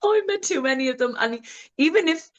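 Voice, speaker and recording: A woman's voice: animated, a little fast, muffled recording. Blunt, laughing woman. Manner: blunt, laughing, mimics voices with big pitch jumps. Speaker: interview guest, adult film actress. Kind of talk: candid casual interview.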